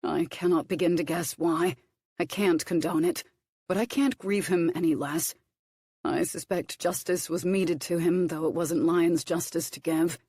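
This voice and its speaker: A woman voicing a brooding earl, a grown man raised at sea, in an audiobook, speaking low, gently and gravely. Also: fairly even intonation, unhurried, no room sound, clean studio sound. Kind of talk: audiobook character reading.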